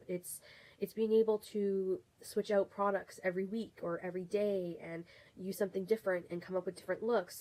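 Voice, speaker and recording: A woman's voice: fairly low pitch, a little mellow, rough recording. A young adult woman beauty vlogger chatting casually to camera, rambling with restarts and fillers. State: has the hiccups.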